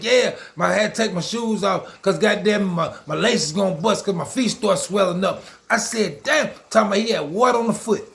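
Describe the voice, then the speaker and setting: A man holds forth on his own vlog. His voice sits high and has a gravelly edge. He tells the story loud and animated and swears freely. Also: fairly quick, few pauses. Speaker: vlogger host. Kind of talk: casual storytelling rant.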